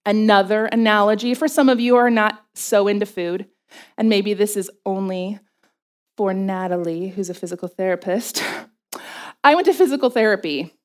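Addressing a group, a middle-aged woman with a mid-range voice gives a faith talk. She tells animated personal stories, tosses in quick asides, and laughs at herself along the way.

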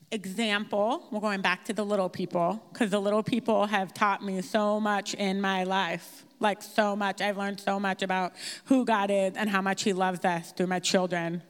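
A woman's voice: mid-range voice, clear, resonant tone. Chatty woman presenting in a reverberant hall. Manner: candid, chatty, self-deprecating. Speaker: speaker at a grief workshop. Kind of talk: presentation with slides.

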